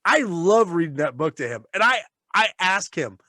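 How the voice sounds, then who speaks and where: A man's voice: high voice, very animated, normal speed, bright, forceful tone, no echo, studio quality. A man co-hosting a casual chat. He talks animatedly, swears freely and laughs often. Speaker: podcast co-host and father.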